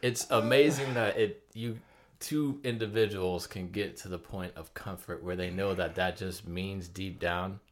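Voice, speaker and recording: A man's voice: low-pitched, fairly even intonation, a little slow. A man co-hosting a podcast, teasing his friend playfully in casual chat. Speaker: podcast co-host.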